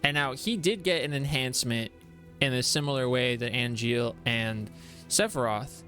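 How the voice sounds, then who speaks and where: A man's voice: mid-range voice, normal speed, bright, forceful tone, soft background music. Rambling male streamer explaining game lore. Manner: reads chat aloud and greets viewers. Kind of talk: casual live-stream chat.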